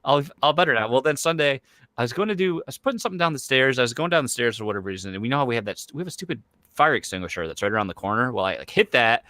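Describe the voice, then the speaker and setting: A man's voice: medium pitch, expressive, very fast, bright, forceful tone, dry recording. A man in his thirties hosting a podcast in casual chat, rambling and full of fillers like "like" and "you know". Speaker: podcast host.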